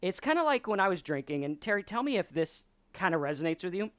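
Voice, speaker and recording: A man talks in a slightly raised pitch, casual and animated, as if teaching at a whiteboard. He slips into quoted voices to act out his points. The sound is dry and close. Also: quick pace, dry recording. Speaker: podcast host.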